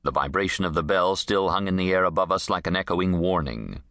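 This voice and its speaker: A man narrating an audiobook in a crisp, dry, expressive manner. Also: low voice, brisk, dry recording.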